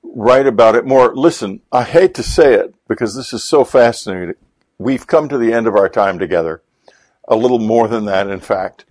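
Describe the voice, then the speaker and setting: A male radio host speaks with eager enthusiasm, urging listeners along as he closes the show. His voice sits at an ordinary mid pitch and sounds dry and close, with no room echo. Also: moderate pace, darkish tone. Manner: enthusiastic, promotional wrap-up. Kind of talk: radio interview hosting.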